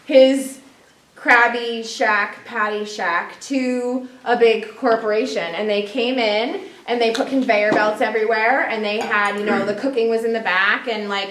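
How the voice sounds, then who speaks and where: A woman's voice: mid-range voice, a bit bright. A woman giving a casual, chatty talk to a group at a health meeting, often using "like" and "um". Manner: chatty, with fillers like "like" and "um". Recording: echoey room from far off.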